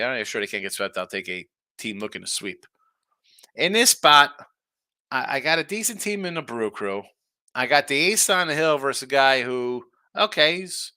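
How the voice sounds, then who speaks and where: Hosting a sports betting show, a man chats casually and reacts to viewer comments, sounding tired and yawning yet still animated and lively. His mid-range voice is captured with studio quality and no echo.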